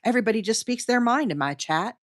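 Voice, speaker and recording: A middle-aged woman from Alabama, with a Southern US accent, hosts a crochet livestream and chats away to her viewers in a rambling, casual way while she crochets. Her voice is fairly high and lively, and she talks fast. The recording is clean studio sound with no room echo.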